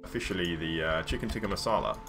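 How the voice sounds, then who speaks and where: A man's voice: low-pitched, fast, creaky, noisy background. A man chatting casually on a livestream as he paints, rambling with lots of ums and restarts. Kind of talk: casual stream chat while painting. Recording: music playing under the voice. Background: background music, keyboard typing.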